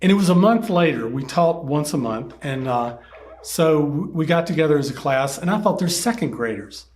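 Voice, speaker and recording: Man, storytelling talk, higher voice, lively, jumps up to mimic kids' shouting. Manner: animated, acts out children's shouts in a higher voice; halting, repeats words. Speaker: children's teacher telling a story.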